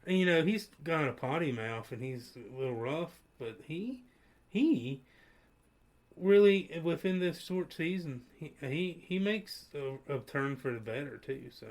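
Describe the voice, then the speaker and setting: A man hosting a podcast in casual chat, telling stories in a rambling, animated way with many restarts. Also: on the high side, measured pace. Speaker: podcast host.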